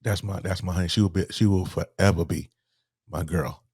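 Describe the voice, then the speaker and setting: A middle-aged man, softly telling a personal story as a podcast guest, halting and restarting as he speaks. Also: sits low, steady tone, slightly rough, no room sound, studio quality. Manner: soft-spoken, halting, with repeated restarts.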